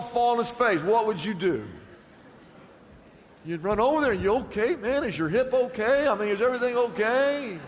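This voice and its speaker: A man's voice: very high-pitched, a bit bright, long reverb tail. A male pastor preaching a sermon, acting out Bible scenes and reading scripture aloud.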